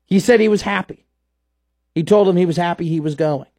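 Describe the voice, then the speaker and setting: A man hosting a casual sports talk show, with a slightly higher voice than most men. He rambles and jokes, and gets animated when he argues a point. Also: brisk.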